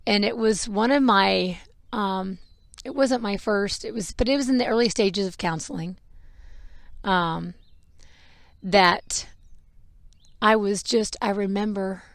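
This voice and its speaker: A woman's voice: medium pitch, measured pace, creaky, long pauses, no room sound. A mother hosting a podcast, telling a personal story in a frank, emotional way with laughs and the odd swear. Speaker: podcast host.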